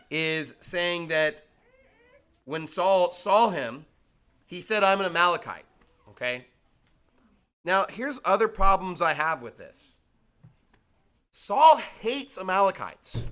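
A man's voice: high-pitched, animated, slow pace, pauses often, bright, forceful tone, smooth. A man teaching the Bible in a casual, conversational way, full of rhetorical questions and emphatic repetition. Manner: emphatic, repeats his points.

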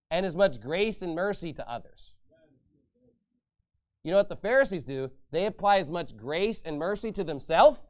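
Male pastor, slightly high voice, emphatic sermon delivery. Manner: emphatic, rises loud on sarcastic points.

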